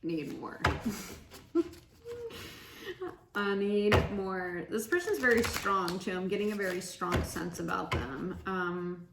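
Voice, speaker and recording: A woman's voice: mid-range voice, takes it slowly, pauses often. A woman giving a casual pick-a-card tarot reading, chatty and giggly, laughing often. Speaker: tarot reader. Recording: echoey room with faint noise.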